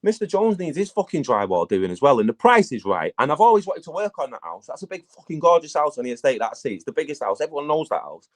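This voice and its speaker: A man, a battle rap guest talking casually in an interview, telling animated stories and swearing a lot. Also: fairly high pitch, fast, few pauses. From England. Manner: animated storytelling, heavy swearing.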